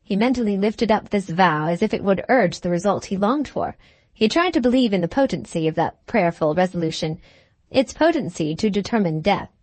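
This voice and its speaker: A woman's voice: mid-range voice, animated, brisk, a little mellow, no room sound. Woman narrating a classic novel. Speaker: audiobook narrator. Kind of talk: scripted narration.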